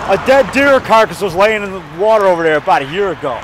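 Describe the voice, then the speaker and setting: High-voiced man rambling on a walk. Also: lively intonation, fast, few pauses, noisy background. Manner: chatty, enthusiastic, repeats himself, chuckles. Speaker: indie horror filmmaker giving a tour. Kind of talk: rambling walking tour vlog. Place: outdoor forest preserve by a river.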